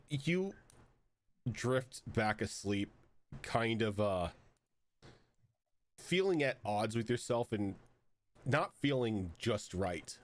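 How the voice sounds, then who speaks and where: A man narrating as game master of a tabletop role-playing game, talking in loose, rambling sentences full of fillers. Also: medium pitch. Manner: rambling, many fillers and restarts.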